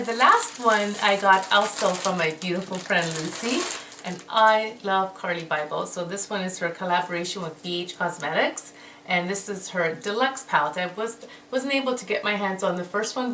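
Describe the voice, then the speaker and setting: A woman hosting a casual beauty haul video, gushing and excitable, often repeating how excited she is. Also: mid-range voice. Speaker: beauty vlogger. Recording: roomy echo, distant mic, noisy background.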